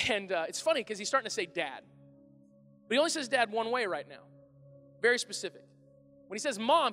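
Animated pastor with a bright, high voice. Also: male voice. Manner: animated and conversational, shouting at times. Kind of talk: sermon. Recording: echoey hall with faint music.

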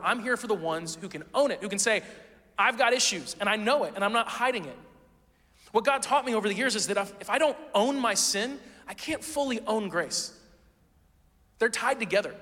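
A man's voice: high-pitched, bright, forceful tone, long reverb tail. A man preaching a sermon as pastor, in a casual, conversational way full of rhetorical questions.

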